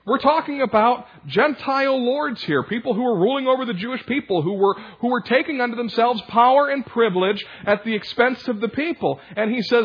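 A man with a high, husky voice preaching a sermon in a relaxed, conversational way. He slips into the voices of the people in the story as he preaches. The sound is a little dull and lo-fi. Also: a little fast, hardly any pauses. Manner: conversational preaching, acts out voices of disciples and Jesus. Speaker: pastor.

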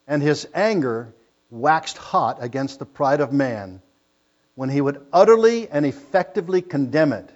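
A man preaching a sermon, reading scripture with rising emphasis and loud, drawn-out phrases. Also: a little high, lo-fi sound.

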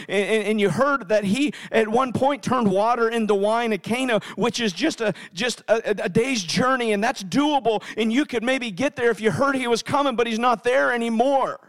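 A man's voice: extremely high pitch, moderate pace, few pauses. A middle-aged man preaching a sermon and telling a family story, speaking emphatically and often repeating words as he starts sentences. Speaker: pastor.

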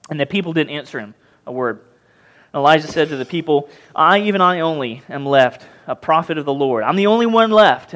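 A man preaching a sermon as pastor, reading scripture and acting out scenes with mocking, lively voices. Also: on the high side. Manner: animated, mocking voices when retelling the story.

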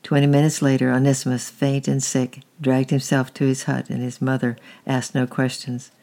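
A storyteller reading a historical tale aloud at an unhurried, steady pace, with a few slips. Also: medium pitch, gravelly.

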